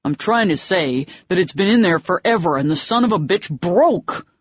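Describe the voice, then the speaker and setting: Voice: medium pitch, animated, moderate pace, slightly rough, no room sound, pitched above the performer's own voice. An audiobook narrator voicing an angry, blunt young man who speaks in clipped, hard phrases. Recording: dry, slightly dull audiobook recording.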